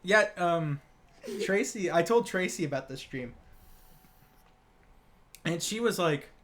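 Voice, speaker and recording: High-voiced young man telling a story. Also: expressive, slow, fairly bright tone. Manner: rambling, stammers and restarts, acts out quotes. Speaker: podcast co-host. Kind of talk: casual storytelling among friends.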